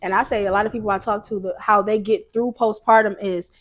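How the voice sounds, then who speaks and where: A young woman hosts a podcast, chatting casually and telling stories in an animated way, acting out the quotes. Her voice is mid-range and she talks fairly quickly.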